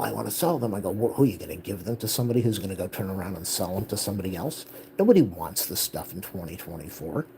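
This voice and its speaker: A man's voice: low-pitched, gravelly, a little mellow, slight background noise, low-quality recording. A man telling a personal life update, heatedly retelling a family conflict and quoting the people involved. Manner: emotional, retelling family conflict with quoted dialogue. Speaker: vlogger.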